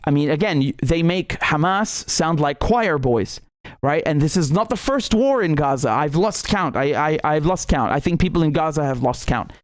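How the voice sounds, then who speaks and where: Indignant male commentator, slightly high voice, dry close mic, sarcastic, stammering. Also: lively intonation, moderate pace, no echo. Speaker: independent journalist and show host. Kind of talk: impassioned political commentary monologue.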